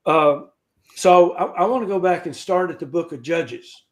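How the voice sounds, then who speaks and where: A man teaching an informal scripture lesson over a video call, halting and folksy, with joking asides. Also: sits high. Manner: halting, with frequent restarts. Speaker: Bible study teacher.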